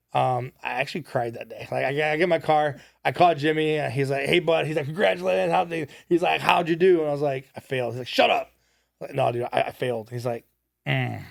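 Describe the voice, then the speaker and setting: A man's voice: mid-range voice, vocal fry, dry recording, studio quality. A young man, a podcast guest, telling a story casually and animatedly, quoting people as he goes. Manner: animated, quotes people in his stories.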